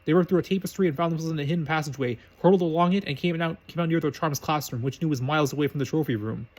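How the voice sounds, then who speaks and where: A man reading a story aloud briskly, with slips and restarts. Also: fairly high pitch, darkish tone. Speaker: reader of fan fiction.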